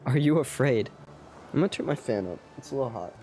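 A fast-talking young man with an animated, a little mellow voice at medium pitch streams a game live. Between rambling asides and self-deprecating jokes he chats with his viewers, and faint game music plays underneath.

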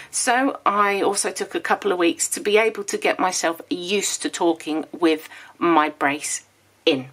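A woman's voice: fairly low pitch, fairly even intonation, unhurried, a bit bright. Chatty woman in her thirties with a slight lisp. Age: 30s. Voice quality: slight lisp from dental aligners. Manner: chatty and rambling, with small laughs. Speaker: planner vlogger. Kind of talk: casual vlog chat.

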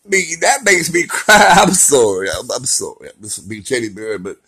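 In a poorly recorded clip, a middle-aged vlogger tells his recovery story through an emotional, rambling, slangy and heartfelt monologue. He speaks at normal speed in a mid-range voice with a sharp tone and a breathy edge.

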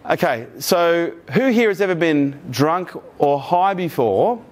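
Before a live audience in a conference room, a man delivers a motivational keynote in a slightly high, animated voice at a slow pace. He swears freely and acts out the voices of people he quotes.

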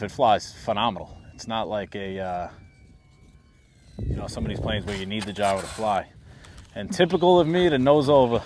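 A man's voice: on the low side, normal speed, pauses often. A man vlogging outdoors as he flies a small RC plane, chatty and self-deprecating. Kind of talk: casual outdoor vlog while flying. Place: outdoors at a flying field and backyard.

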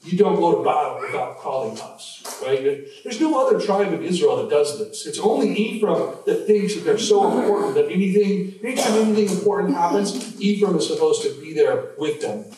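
A man's voice: sits high, expressive, a little fast, hardly any pauses, dark tone. A man preaching an expository sermon as pastor, conversational, with frequent restarts and fillers. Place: church sanctuary. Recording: very echoey church hall, mic at a distance, faint noise.

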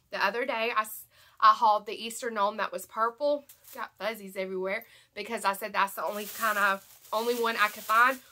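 A young woman with a Southern American accent, congested from allergies, chatting excitedly and rambling through a shopping haul vlog. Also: mid-range voice, slight background noise. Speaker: haul vlogger. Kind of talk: casual chat to camera.

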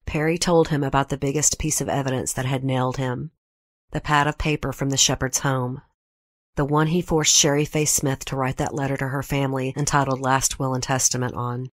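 A woman hosting a true crime podcast, giving a measured scripted narration and reading quotes in her own voice. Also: extremely low pitch, little pitch movement, no echo, clean studio sound.

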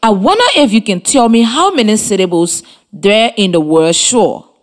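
A woman from Liberia teaching a primary lesson over the radio, with slow, clearly articulated, encouraging instruction to children. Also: medium pitch, expressive. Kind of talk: slow scripted classroom instruction. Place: radio studio with students present.

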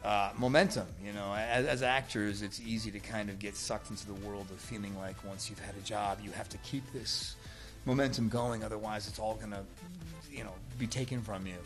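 A man's voice: lowish voice, fairly even intonation, music in the background. A man answering interview questions in casual chat, laughing easily and restarting his sentences often. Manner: laughing, halting with many restarts.

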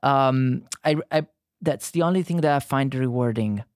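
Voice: mid-range voice, normal speed. A streamer from southern Italy speaks English with a heavy Neapolitan accent. They chat easily and talk right to the viewers. The sound is dry and close, with no room echo. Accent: Neapolitan Italian. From Naples, southern Italy. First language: Italian. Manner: chatty, talks straight to the viewers. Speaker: livestreamer. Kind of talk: casual livestream chat.

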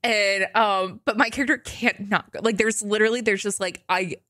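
A woman's voice: medium pitch, moderate pace, no echo, clean studio sound. A young woman hosting a casual podcast, telling rambling stories with lots of laughter and voiced quotes. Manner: rambling, animated storytelling with laughs. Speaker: podcast host.

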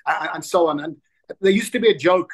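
Animated man in his sixties. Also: fairly high pitch, fairly quick, slightly rough. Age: 60s. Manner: animated storyteller, frequent restarts. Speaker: interview guest. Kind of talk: casual interview chat.

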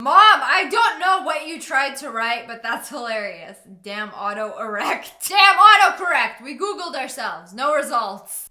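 A young woman in her twenties from the US, reading funny texts aloud with giggly, swearing, animated commentary. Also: fairly high pitch, measured pace, few pauses. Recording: roomy echo.

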